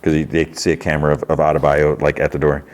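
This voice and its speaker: Low-voiced man rambling through a recap. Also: monotone, fast. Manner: rambling, chuckling, filler-heavy. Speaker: podcast host. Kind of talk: casual TV episode recap.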